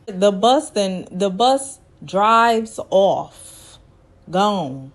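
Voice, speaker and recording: A woman giving a casual, animated recap of a reality show, acting out the people she quotes in voices and speaking in a folksy, way. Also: medium pitch, extremely slow.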